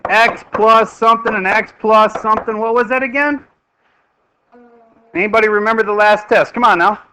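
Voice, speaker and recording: A middle-aged male math teacher in a classroom, with a bright voice pitched a little high. He jokes around and keeps quizzing the class as he works through a problem. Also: moderate pace, a little hiss or hum, low-quality recording. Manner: lively, joking, quizzing the class.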